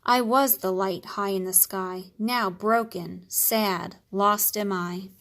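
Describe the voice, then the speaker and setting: A woman voicing a lonely, broken moon in a children's story, with a soft sad lilt. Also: mid-range voice, fairly even intonation, slow pace.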